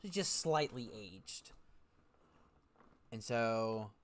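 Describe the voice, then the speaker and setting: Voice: medium pitch, expressive, extremely slow, a little hiss or hum. A game master narrating a tabletop game, rambling and repeating words.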